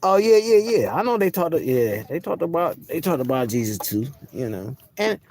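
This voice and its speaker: A man's voice: fairly high pitch, sing-song, normal speed, hardly any pauses, darkish tone. A man vlogging a casual, profane, boastful rant to his viewers from outdoors in public. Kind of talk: casual ranting monologue to camera.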